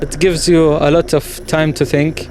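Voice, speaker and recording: A man's voice: on the high side, little pitch movement, measured pace, a little mellow, slight background noise. A man hosting a gaming channel, talking over his gameplay in a reflective, musing way, with the odd playful exclamation.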